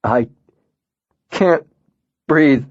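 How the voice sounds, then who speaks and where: A man's voice: fairly low pitch, fairly even intonation, moderate pace, darkish tone, no room sound, muffled recording, close to an everyday voice. A man voicing a distraught teenage boy reeling from a friend's death.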